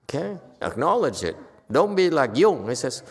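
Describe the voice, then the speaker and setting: A man giving a casual Buddhist talk to a group, with loud bursts when he acts out quoted lines. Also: on the high side, sing-song, moderate pace, in a large hall. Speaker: Buddhist teacher. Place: temple hall.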